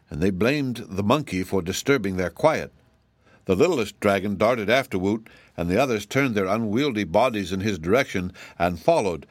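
A man narrating a storybook in a steady, measured way. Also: fairly low pitch, dry recording. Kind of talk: storybook reading.

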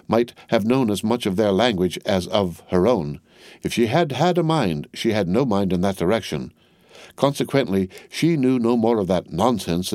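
A man reading a classic novel aloud as audiobook narrator, measured and expressive. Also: on the low side, no room sound.

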